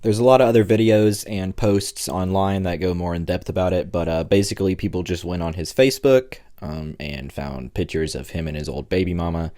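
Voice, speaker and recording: A man's voice: sits low, fairly even intonation, brisk, few pauses, mellow. A man narrating a commentary video in a dry, unimpressed way. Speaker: commentary YouTuber.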